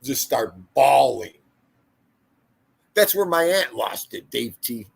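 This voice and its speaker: A man's voice: medium pitch, big pitch swings, takes it slowly, gravelly, slightly rough. An older man hosting a casual livestream, rambling through stories and talking to viewers in the chat by name. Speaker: livestream host.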